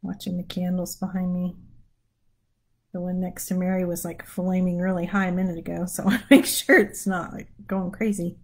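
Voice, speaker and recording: A woman's voice: lowish voice, level tone, normal speed, poor audio. A woman leading a livestreamed prayer, chatting casually and laughing as she keeps yawning, speaking from a room at home. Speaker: prayer leader. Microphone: phone or webcam livestream.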